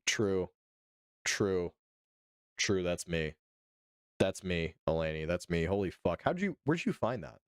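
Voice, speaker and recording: A man's voice: low-pitched, lively intonation, a little slow, long pauses, smooth, dry recording, studio quality. A young man from Arizona hosting a casual political livestream, chatting with viewers and reading articles aloud with loose, profane asides. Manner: loose, profane, chatty, answers chat by name.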